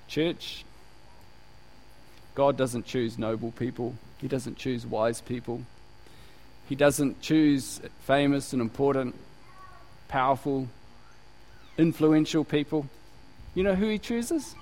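A man's voice: mid-range voice, animated, slow, long pauses, darkish tone, rough recording. A man from New Zealand preaching a sermon with energy, laughing and slipping into put-on voices to make his points. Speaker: pastor.

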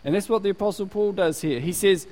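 A man's voice: high voice, fast talker, a little mellow, low-quality recording. A man from New Zealand preaching a sermon with energy, laughing and slipping into put-on voices to make his points. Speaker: pastor.

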